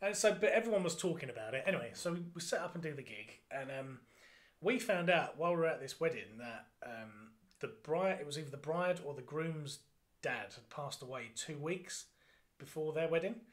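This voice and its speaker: Young man, function band drummer, lively and sweary anecdotes in a casual chat. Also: on the high side, brisk. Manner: animated anecdotes, swearing, acting out voices.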